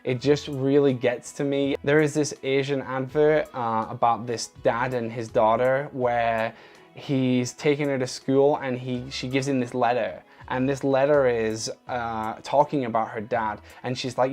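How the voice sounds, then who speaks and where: A man's voice: mid-range voice, steady tone, measured pace, darkish tone, soft background music. A man talking casually to his viewers in an open, earnest and emotional way. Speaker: vlogger. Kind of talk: casual talk to camera.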